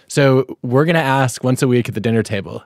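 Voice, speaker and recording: A man's voice: mid-range voice, darkish tone, no room sound. Man, podcast host, thoughtful storyteller, dry close sound. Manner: thoughtful, storytelling, measured questions. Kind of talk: podcast interview.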